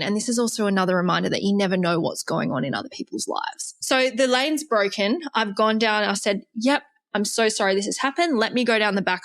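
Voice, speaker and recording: A woman's voice: medium pitch, a bit bright. Chatty storytelling woman podcast host. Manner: storytelling, chatty, uses "like" often. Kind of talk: casual chat.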